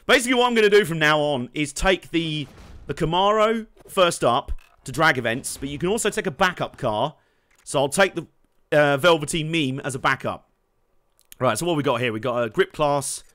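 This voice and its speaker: A young man giving casual, jokey gameplay commentary, laughing often, swearing, and bursting out excitedly. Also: on the high side, moderate pace. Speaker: let's play host.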